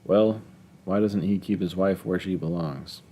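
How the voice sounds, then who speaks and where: A man's voice: deep voice, fairly even intonation, unhurried, mellow, a little hiss or hum. A man reading aloud, voicing a curt, cold British hunter in a story. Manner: terse, clipped phrases.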